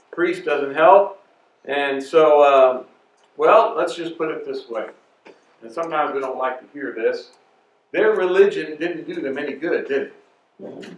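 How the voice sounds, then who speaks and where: A man leads an adult church class in a loose, conversational way, stopping often for fillers and restarts. His voice sits fairly high. He is recorded from a distance in a room with a strong echo. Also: a bit bright. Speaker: adult Bible class teacher. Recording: echoey room from far off.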